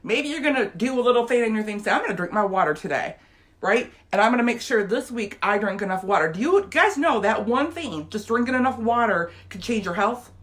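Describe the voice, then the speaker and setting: A woman's voice: fairly high pitch, expressive, a little fast. A woman, giving an emotional, earnest motivational talk straight to her viewers. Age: 50s. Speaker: motivational vlogger.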